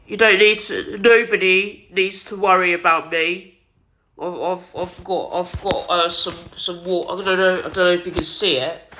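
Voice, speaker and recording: A vlogger, crying and sniffling while talking, halting and repeating themselves with many restarts, speaking into a wired earphone mic. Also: medium pitch, fairly even intonation, sharp tone, slight background noise. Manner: halting, repetitive, many restarts and self-corrections. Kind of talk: emotional confessional vlog. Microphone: wired headset or earphone mic.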